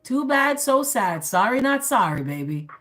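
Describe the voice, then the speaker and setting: Doing a live tarot reading, a woman speaks to her viewers directly as the collective, chatty and sassy, often laughing at her own remarks. Her fairly high voice is very animated and a bit bright, at a moderate pace.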